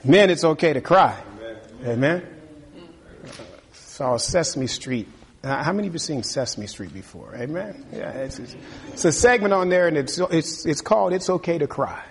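A man's voice: on the high side, expressive, moderate pace. A male pastor preaching a sermon, reading scripture aloud and calling out to the congregation for responses.

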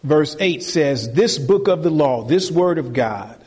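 Emphatic preacher in a reverberant hall. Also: male voice, on the high side, animated, measured pace, darkish tone, slightly rough. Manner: emphatic, preacherly, repeats key phrases. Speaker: pastor. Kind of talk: sermon.

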